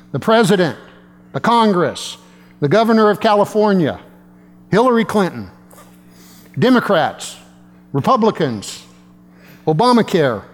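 A man's voice: sits high, big-room sound. A male pastor preaching a sermon in a conversational way, with self-deprecating humor.

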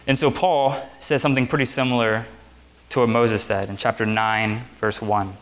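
A young man preaching a casual sermon to a group seated on chairs. He talks in a relaxed, conversational way with lots of fillers. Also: medium pitch, moderate pace. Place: meeting room with chairs.

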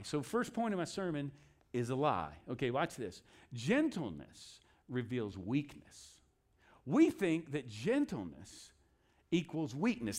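Animated preaching man, lively high voice. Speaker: pastor. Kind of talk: sermon.

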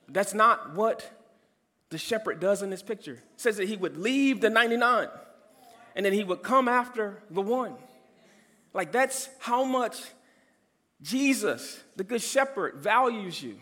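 A man preaching with a high voice, pressing his points hard as he swings between ringing cries and hushed, intimate lines. His sermon carries through a large hall, trailing a long echo behind every phrase. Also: expressive, normal speed. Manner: emphatic preacher, swings from loud to soft. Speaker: pastor.

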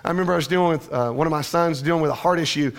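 A man's voice: fairly high pitch, racing. A male pastor preaching a sermon in a church, with a conversational manner and joking asides to the congregation.

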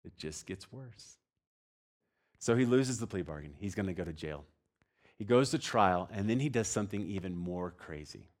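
Young male pastor, sermon storyteller, lowish voice, big swings from loud to hushed. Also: normal speed. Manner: animated, swings between loud bursts and hushed low passages.

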